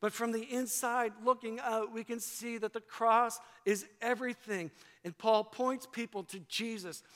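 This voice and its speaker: A man's voice: very high voice, fairly even intonation, normal speed, few pauses, a bit bright. A man preaching a sermon as pastor, with an emphatic, repetitive cadence. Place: church sanctuary. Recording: long hall reverb.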